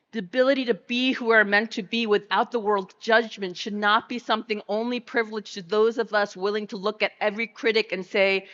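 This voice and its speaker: Middle-aged woman, keynote speaker, impassioned and forceful, mid pitch, a little dull on the stage mic. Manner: impassioned, building to forceful calls. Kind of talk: conference keynote speech. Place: large conference hall stage.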